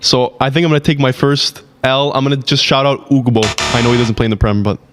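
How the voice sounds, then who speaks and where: A man competing in a quiz with friends, giving his answers in a calm, matter-of-fact way. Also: medium pitch, quick pace, soft background music. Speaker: quiz contestant. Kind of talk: casual banter.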